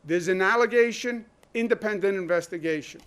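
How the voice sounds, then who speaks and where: A man delivers a governor's press briefing in a fairly high voice, pressing each point with emphasis. He fires off rhetorical questions and lets deliberate pauses land. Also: a bit bright, clean tone.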